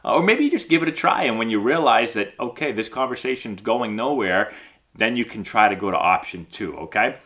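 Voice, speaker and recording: A man's voice: medium pitch, expressive, a little fast, a bit bright. A man hosting an instructional baseball vlog, talking in an upbeat, conversational way and checking in with "okay?" and "right?" often.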